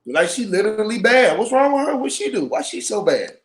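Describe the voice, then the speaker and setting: A man talking casually on a panel, always hyped up and loud in how he speaks. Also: sits high, big pitch swings, brisk, reverberant, a little hiss or hum. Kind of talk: casual chat.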